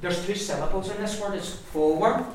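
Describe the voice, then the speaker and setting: A man's voice: high-pitched, normal speed. Ulster man teaching pronunciation in an echoey classroom. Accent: Ulster Irish English. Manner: drills words aloud, modelling each sound carefully. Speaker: language teacher. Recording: echoey room, mic far off, faint noise.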